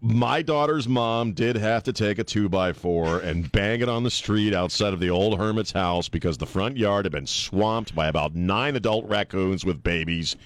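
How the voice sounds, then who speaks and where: A man, the host, telling a story in casual chat, animated and laughing often. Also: on the low side, moderate pace, few pauses.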